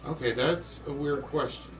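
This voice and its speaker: A man hosting an online quiz show, chatting and thinking aloud, reading clues out slowly. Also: fairly high pitch, steady tone, recorded from a distance, low-quality recording. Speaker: game show host. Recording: voice a bit off-mic with music behind.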